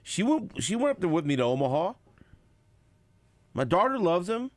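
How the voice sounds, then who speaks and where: A man hosting a sports radio show, talking casually with big swings between loud bursts and quiet asides, acting out what others said. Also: high-pitched, moderate pace, dry recording. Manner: animated, swings loud and quiet, acts out quotes. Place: radio studio. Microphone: studio microphone.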